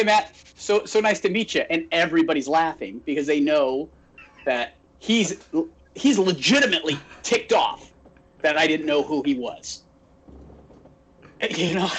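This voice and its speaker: Man, podcast co-host, from phoenix, husky, lively storyteller, casual chat. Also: a little high. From Phoenix, Arizona. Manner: animated storyteller acting out quotes.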